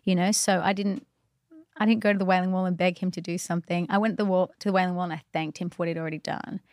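A woman's voice: fairly low pitch, steady tone, rapid-fire, a little mellow, no echo, clean studio sound. A woman telling a personal faith story in casual conversation, chatty and earnest, full of "like" and "you know". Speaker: guest.

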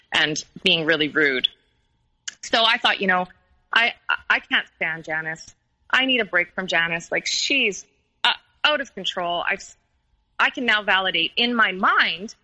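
Woman guest, personal storytelling; earnest, halting, bright tone. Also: lowish voice, poor audio. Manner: earnest and halting, many pauses and restarts. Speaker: podcast guest.

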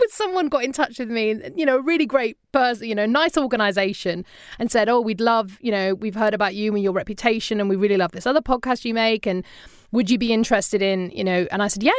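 A woman's voice: a little high, smooth, dry recording, studio quality. A British woman, a podcast producer, chatting in an interview and acting out the people she quotes. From Britain. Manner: animated storyteller, acts out quoted people. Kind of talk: casual interview chat.

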